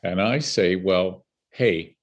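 Slow and low-pitched, the recording has a lo-fi sound. The speaker, an older man and filmmaker from Canada, shares stories as an interview guest, bringing quoted people to life with animated impressions.

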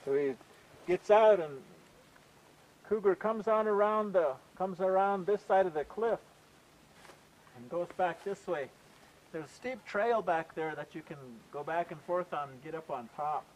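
A man telling a traditional folk tale aloud in a relaxed, conversational way, often saying "you know". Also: high voice, measured pace, low-quality recording. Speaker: storyteller. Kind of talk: oral folk storytelling.

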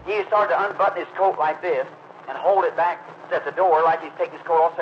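A man preaches in a slightly high voice, telling his story slowly and emphatically. He acts out the other people's lines as he goes. The old recording is muffled, with a faint hiss. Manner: drawn-out, emphatic storytelling with acted quotes. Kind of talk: sermon storytelling.

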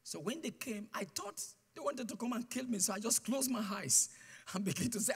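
A man preaching a guest sermon, telling his testimony with mounting passion and bursts into shouted declarations. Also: high voice, fairly quick, slightly rough. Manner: impassioned storytelling, swelling to shouted declarations. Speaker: guest pastor. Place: church sanctuary. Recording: long church hall reverb.

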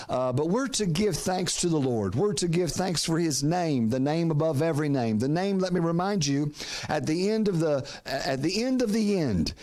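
Pastor preaching, slightly high man. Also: a little mellow. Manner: preaching with call-and-response prompts to the congregation; repeats words and restarts phrases. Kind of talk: sermon.

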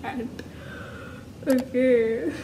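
A woman co-hosting a reaction video, making wry, deadpan remarks about the entries. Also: high-pitched, very slow, roomy sound, noisy background. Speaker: co-host reacting to submissions. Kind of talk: casual reaction commentary.

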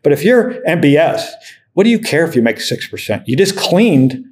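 A man's voice: on the high side, very animated, moderate pace, a little mellow. Blunt, profane middle-aged man. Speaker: investor guest. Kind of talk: casual podcast interview.

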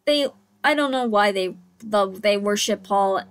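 A woman's voice: medium pitch, measured pace. A woman hosting a reaction channel, giving casual, hesitant commentary with restarted sentences.

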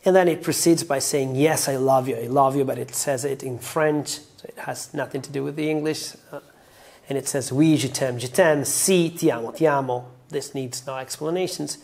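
A man's voice: medium pitch, normal speed, darkish tone. A man with an Italian accent, a native Italian speaker, explaining song lyrics to learners carefully and step by step. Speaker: language teacher.

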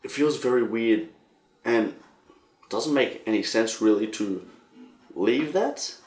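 A young Australian man hosting a casual solo podcast, rambling and animated, swearing freely. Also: medium pitch, takes it slowly, echoey room. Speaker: podcast host.

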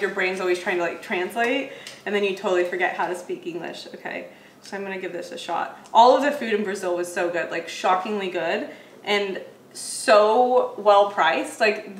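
A woman's voice: medium pitch, fairly bright tone, recorded from a distance, a little hiss or hum. A woman reviewing grocery snacks in casual chat, laughing often and musing aloud as she tastes. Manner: chatty, laughs often, muses while tasting. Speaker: food vlogger. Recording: echoey room, mic set back.

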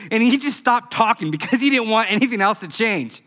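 A man preaching a youth sermon, telling a story in an animated, emphatic way. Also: high voice, brisk, hardly any pauses. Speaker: youth pastor. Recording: echoey hall.

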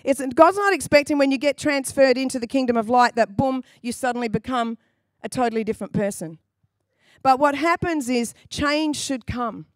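A woman's voice: high voice, moderate pace, no room sound. A woman pastor from England preaching a sermon in a conversational, storytelling way, acting out quoted voices. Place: church.

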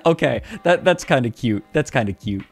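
An American man chatting casually on a livestream, playful and quick to laugh. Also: medium pitch, vocal fry, faint music behind. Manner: laughs a lot, playful, lively. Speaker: streamer.

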